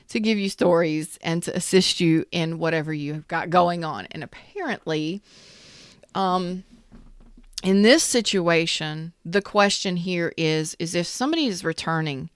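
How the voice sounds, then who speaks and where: A woman's voice: fairly low pitch, smooth, no room sound, clean studio sound. A woman giving a casual spoken tarot reading, chatty and full of repeated questions and restarts. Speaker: tarot reader.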